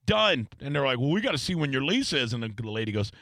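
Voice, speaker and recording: Middle-aged male host, bright lively delivery, swears freely, casual storytelling. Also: quick pace, no echo. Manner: animated, profane, swings high and loud for emphasis. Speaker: podcast host.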